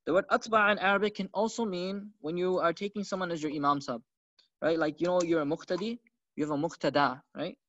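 A man gives a religious lecture in a high, quick voice, talking conversationally and tossing in rhetorical questions. The sound is dry and close, with a dull, slightly lo-fi tone. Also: fairly even intonation, a bit bright, dry recording. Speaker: Islamic teacher.

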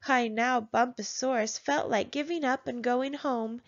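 Slow, gentle woman reading a storybook. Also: on the high side, steady tone. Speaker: storybook narrator. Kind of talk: reading a picture book aloud. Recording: dull lo-fi sound.

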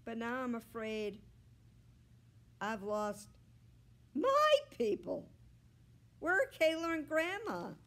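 Eager excitable male dog, as a woman puts him on, storybook, high lively voice, very slow. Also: exaggerated voice. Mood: excited.

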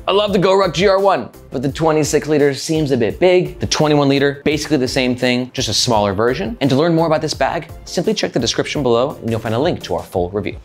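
A man with a slightly high voice hosts a relaxed gear review. He talks with energy and a joking edge, speaking right to the viewer. Faint music plays behind him. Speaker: backpack reviewer, channel host. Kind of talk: casual product review. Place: mostly indoors, one stretch walking outdoors.

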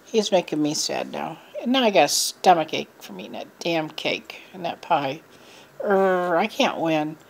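A middle-aged woman vlogging to her viewers in a rambling, frustrated, venting way, with a low voice. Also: lively intonation, unhurried, creaky. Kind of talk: casual chat to camera.

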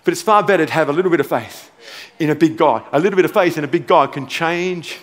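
A man preaching with force, hammering home his points and repeating key lines, with playful asides in between. His voice sits high for a man. It carries the long reverb of a big church hall. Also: quick pace. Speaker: pastor. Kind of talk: sermon. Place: large church auditorium.

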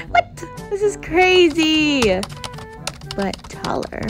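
Giggly high-pitched young woman gamer. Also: drawn-out words, long pauses. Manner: giggly, squealing, excitable. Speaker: gaming YouTuber. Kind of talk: game commentary. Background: background music.

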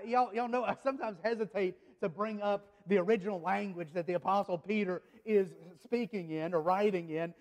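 A man's voice: high-pitched, in a large hall. A man, a pastor preaching a sermon in a conversational way, with frequent restarts and remarks to the congregation. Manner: conversational, repeats words and restarts, speaks directly to the congregation. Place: church sanctuary.

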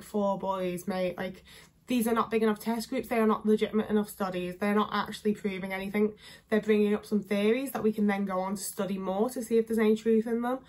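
Talking to camera in a relaxed, candid way, this young northern English woman peppers her chat with fillers; her vlogger's voice is mid-range with a slightly dark tone.

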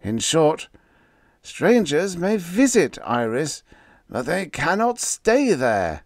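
A man's voice: a little high, wildly swooping pitch, slow pace, vocal fry, dry recording, clean studio sound, voice pushed up, full character voice. A man doing a pompous lecturing executive. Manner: formal, lecturing, precise. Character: pompous, measured male company vice president.

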